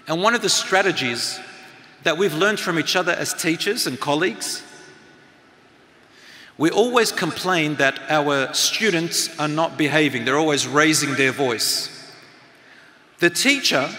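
A man's voice: a little high, bright, forceful tone. A middle-aged man and teacher giving a motivational talk to a live audience, engaging them with questions and activities. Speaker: speaker and teacher. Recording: long hall reverb.

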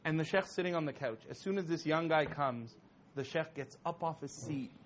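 Male storyteller, slightly high voice, animated and laughing, casual talk. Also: normal speed, slight background noise. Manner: animated, laughing often, heavy use of "you know". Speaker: storyteller speaking to an audience.

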